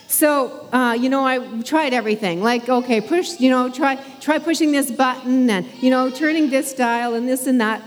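A woman's voice: sits high, moderate pace, hardly any pauses. A woman preaching a sermon in a chatty, conversational way, laughing now and then and using plenty of fillers. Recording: long hall reverb.

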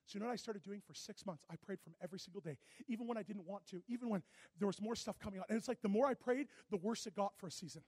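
A man preaching a sermon, telling a personal story and acting out both sides of the dialogue, moving from hushed to loud. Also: sits high, rapid-fire, husky, dry recording.

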